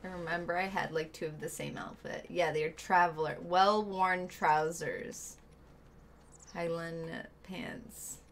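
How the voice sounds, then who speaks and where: A woman's voice: lowish voice, fairly even intonation, slow, slight background noise. A woman streaming a video game, chatting casually, muttering asides and shooing a pet away. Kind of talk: casual gameplay chat.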